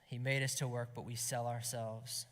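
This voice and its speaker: A man preaching an impassioned sermon to a gathering, swinging between loud emphasis and hushed whispers. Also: medium pitch, flat delivery, normal speed. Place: gathering hall. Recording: long hall reverb.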